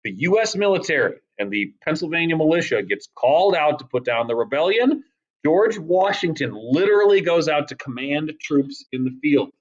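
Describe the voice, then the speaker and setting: A man's voice: fairly high pitch, muffled recording. A man giving a casual history lecture as a teacher, chatty and acting out quotes in exaggerated voices. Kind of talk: recorded lecture.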